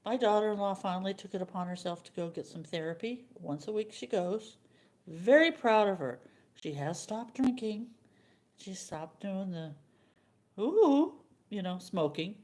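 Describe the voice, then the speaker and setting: An older woman hosting a live stream, chatting casually with viewers and telling a rambling, halting story. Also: medium pitch, lively intonation, darkish tone.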